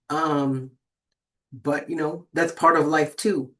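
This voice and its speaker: This tarot host, somewhere in their sixties, talks to viewers in a middling pitch and a steady tone, with a pushed, bright sound. The chat rambles along through fillers and restarts, punctuated often by a quick "right?".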